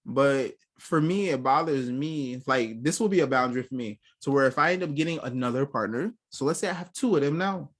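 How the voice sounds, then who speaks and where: A man's voice: medium pitch, a little fast, few pauses. A young man co-hosting a casual talk show, telling blunt, profane stories and acting out what others said. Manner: blunt, profane storytelling with acted-out quotes. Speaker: podcast co-host. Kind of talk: casual chat.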